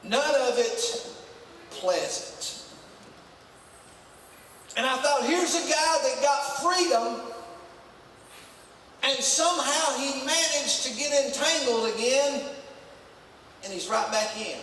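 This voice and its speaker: A man preaching a folksy, emphatic sermon as pastor, his voice rising into shouts. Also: very high-pitched, slow pace, long pauses, a little hiss or hum. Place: church sanctuary. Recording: echoey church hall from far off.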